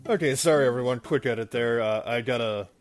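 A man's voice: medium pitch, fast talker. Rambling man recapping into a phone. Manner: rambling, often corrects himself mid-sentence. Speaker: podcast host. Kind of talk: casual movie recap. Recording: music playing underneath.

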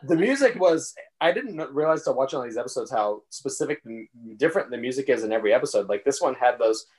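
A man's voice: mid-range voice, expressive, a little mellow. Jokey man chatting on a podcast. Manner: jokey, laughs often, talks in quick bursts. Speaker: podcast co-host. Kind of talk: casual chat.

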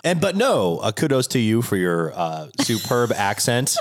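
A young man co-hosting a podcast, chatting casually with animated, profane rants. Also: fairly low pitch, a little slow. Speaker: podcast co-host. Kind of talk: casual chat.

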